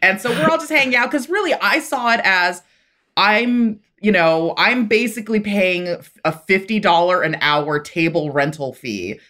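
A woman, a podcast guest, telling a story in casual chat, animated and laughing along. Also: medium pitch, normal speed.

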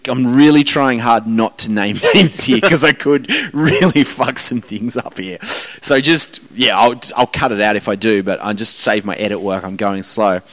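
A man's voice: on the low side, moderate pace, few pauses, a bit bright. A man telling rambling, self-mocking stories as a podcast host in casual chat.

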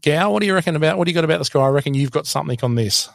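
A man hosting a casual film review podcast, talking enthusiastically with quick asides. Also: on the high side, lively intonation, gravelly, no echo, clean studio sound. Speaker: podcast host.

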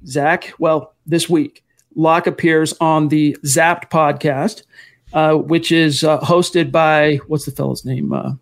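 Podcast host, male, a bit high, loose and long-winded. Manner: long-winded, detours and self-corrections. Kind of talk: casual sports podcast chat.

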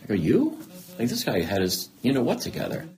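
A man's voice: mid-range voice, sing-song, fast talker. A middle-aged man speaking earnestly as an interview guest, acting out past conversations as he tells them. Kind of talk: candid conversation.

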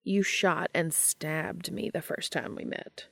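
A woman voicing a literal-minded male angel who talks in a flat, formal, deadpan way, in a fan fiction audiobook reading. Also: lowish voice, slow pace, vocal fry, breathy edge, no echo, clean studio sound, full character voice.

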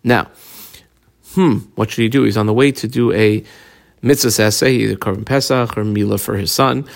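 A man's voice: fairly low pitch, fairly even intonation, normal speed, gravelly. A man giving a casual Talmud lesson, explaining a passage step by step and mixing Hebrew and Aramaic terms into his English. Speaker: Talmud teacher.

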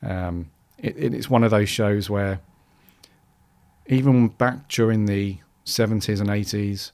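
A podcast host with a fairly low voice, talking loosely and circling back on himself. He fills his sentences with ums and restarts as he thinks aloud. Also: steady tone, measured pace, a little mellow. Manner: rambling, many restarts and fillers. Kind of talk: casual podcast monologue.

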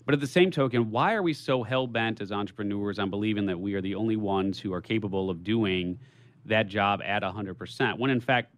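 A man's voice: fairly low pitch, fairly quick. A man co-hosting a business podcast, asking probing questions and thinking aloud with restarts. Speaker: podcast co-host.

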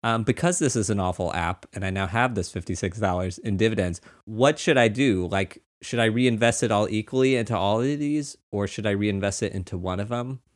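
A man's voice: fairly low pitch, fairly quick, hardly any pauses. A man in his thirties hosting a casual podcast chat, laughing often and joking at his own expense. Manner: chatty, laughs often, self-mocking. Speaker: podcast host.

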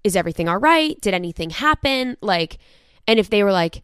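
A young woman co-hosting a podcast in casual chat, animated and argumentative, often acting out what people would say. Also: mid-range voice, brisk, clear, resonant tone, dry recording, clean studio sound. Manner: animated, argumentative, acts out quoted voices. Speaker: podcast co-host.

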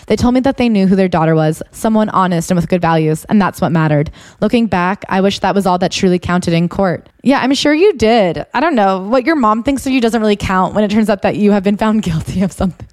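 A woman's voice: a little fast, few pauses, a little mellow, no room sound, studio quality. A young woman co-hosting a podcast, chatting and reading aloud from a book, sarcastic and incredulous. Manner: sarcastic, incredulous, pitch jumps when exasperated. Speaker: podcast co-host. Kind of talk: casual chat reading from a book.

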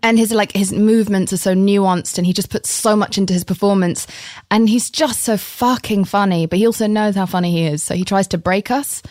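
A woman's voice: medium pitch, a little fast, darkish tone, no room sound. An English woman tells stories frankly and casually, her voice in the middle range for a woman. The sound is dry and close, with nothing of the room around her. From England. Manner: candid storytelling, frequent swearing. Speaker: actress guest. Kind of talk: casual chat.

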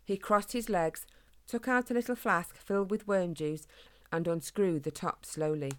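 Woman, storybook narrator, calm, gentle, lowish voice, dry close sound. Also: moderate pace, no echo. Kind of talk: storybook reading.

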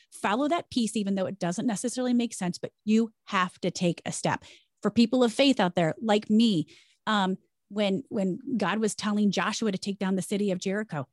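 A middle-aged woman, a former broadcaster, talking about faith and career change in an energetic, emphatic way. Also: mid-range voice, dry recording, studio quality. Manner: energetic, emphatic, preachy storytelling. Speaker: podcast guest, former broadcaster. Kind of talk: conversational faith-based interview.

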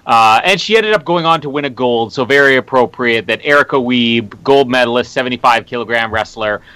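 A man's voice: medium pitch, brisk, pushed and bright, smooth, no echo, poor audio. A man co-hosting a podcast, telling stories in an easygoing way and chuckling. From Canada. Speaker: podcast co-host. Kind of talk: casual chat.

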